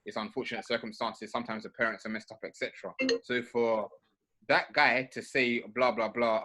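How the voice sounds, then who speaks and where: A man hosting a casual podcast, bantering loudly and joking with friends. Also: mid-range voice, fairly even intonation, fairly quick. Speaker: podcast host. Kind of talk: casual chat.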